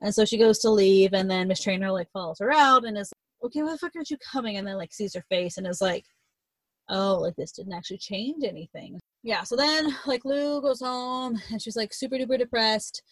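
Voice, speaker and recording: A woman's voice: medium pitch, moderate pace, no room sound, rough recording. A young woman in casual chat, retelling a novel's plot in a rambling way, swearing freely and acting out the characters' lines.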